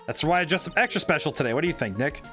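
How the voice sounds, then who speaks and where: Man reading a teasing, chirpy young woman, lively voice, game dialogue. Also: fairly high pitch, rapid-fire, faint music behind. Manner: teasing, upbeat.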